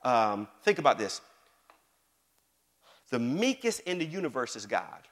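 A pastor preaching a sermon to his congregation, lively and repetitive, often asking the room whether they follow him. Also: medium pitch, measured pace, pauses often. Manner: animated preaching with call-and-response questions and repeated phrases. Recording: long hall reverb.

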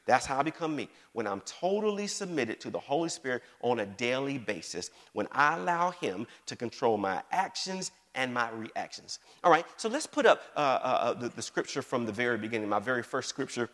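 A pastor preaching a sermon to his congregation, lively and repetitive, often asking the room whether they follow him. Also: mid-range voice, a little fast, few pauses. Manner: animated preaching with call-and-response questions and repeated phrases. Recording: long hall reverb.

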